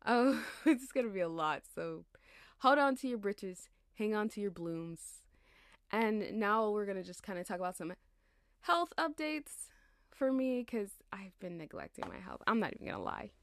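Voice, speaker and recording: A tired woman in her twenties talks through a loose, rambling monologue, slangy and quick to laugh at herself. Her voice sits at an ordinary middle pitch. It is recorded close up in a dry, dead room. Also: sing-song, no echo. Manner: chatty, laughs and digresses, slangy. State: tired, yawning. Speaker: podcast host.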